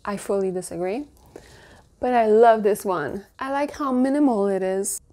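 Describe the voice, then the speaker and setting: A woman in her thirties chatting casually at home while showing off a haul, gushing and now and then cooing in a high baby voice. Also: moderate pace, dark tone. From Canada. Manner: gushing, coos in a high baby voice at her dog and cute mugs. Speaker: vlogger. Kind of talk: casual show-and-tell haul.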